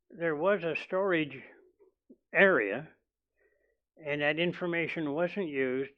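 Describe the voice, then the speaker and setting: A man preaching a sermon in a church, talking slowly and deliberately, often restarting his sentences. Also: on the high side, narrow, tinny audio. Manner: slow and deliberate, with many restarts. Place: church hall.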